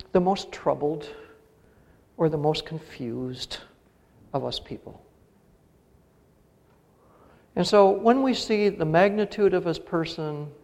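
Gravelly-voiced pastor preaching in a hall. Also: male voice, a little high, darkish tone. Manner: earnest, rises to emphatic peaks on key phrases. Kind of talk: sermon. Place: church sanctuary. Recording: long reverb of a church hall.

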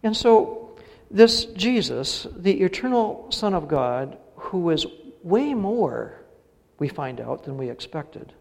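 Slow and high, with big pitch swings, a creaky quality, and a slightly mellow warmth, a middle-aged male pastor preaches in a church sanctuary. His earnest sermon climbs to emphatic peaks on key phrases, echoing with a church hall's long reverb.

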